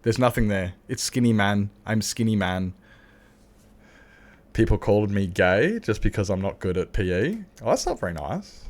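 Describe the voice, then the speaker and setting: A man's voice: lowish voice, lively intonation, moderate pace, a little mellow. An Australian man chatting casually and candidly as a livestreamer while gaming, swearing freely and laughing often.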